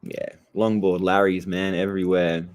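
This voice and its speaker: Over a noisy background, an Australian surfer vlogger speaks at normal speed in a low-pitched, level voice. He tells his stories as a casual rant, blunt and heavy on the swearing.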